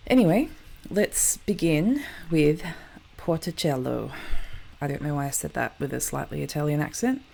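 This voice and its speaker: A woman's voice: low-pitched, sing-song, fairly quick, creaky, hardly any pauses, a little mellow, slight background noise. A woman hosting a geography show, chatting casually over map footage and often correcting herself.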